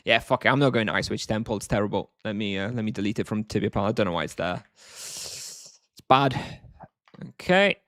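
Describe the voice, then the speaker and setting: A man's voice: fairly low pitch, expressive, fairly quick, a bit bright, no echo, studio quality. A man chatting casually while streaming a game, answering chat in a wry, offhand way.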